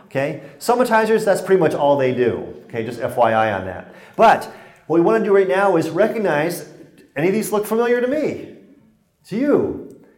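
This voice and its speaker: A man's voice: sits high, sing-song, moderate pace, darkish tone. A man giving a workshop talk on stress in a conversational, joking way, acting out the exchanges he quotes. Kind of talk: lecture with anecdotes. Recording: roomy hall sound.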